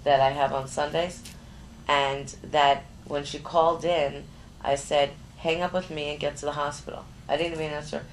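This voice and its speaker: A middle-aged woman with a very low, gravelly voice tells a story as an interview guest. She is animated and often trips over and repeats her words. A faint hiss of noise sits under the recording. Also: moderate pace, rough recording. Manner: lively, stumbles and repeats words, acts out other people's voices. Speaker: psychic guest.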